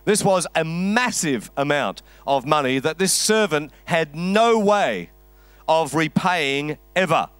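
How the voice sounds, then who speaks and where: A man's voice: a little high, lively intonation, slow, fairly bright tone, clear, resonant tone, no room sound. A man preaching a sermon, telling a story with a wry, conversational humor. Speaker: pastor.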